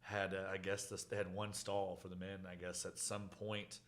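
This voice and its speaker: A man's voice: sits low, little pitch movement, moderate pace, fairly bright tone. A man guesting on a casual chat, telling wry, laid-back stories about bar work. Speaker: guest, bartender and singer.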